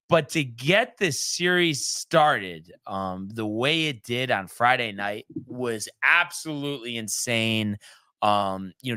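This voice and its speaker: Bright, crisp male sports host. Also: mid-range voice, no echo. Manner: loose and chatty, many ums and restarts. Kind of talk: casual sports recap chat.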